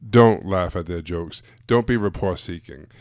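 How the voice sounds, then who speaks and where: A man's voice: low voice, measured pace, dry recording, studio quality. A man giving a blunt, casual live-streamed coaching talk to sales coaches, full of emphatic asides.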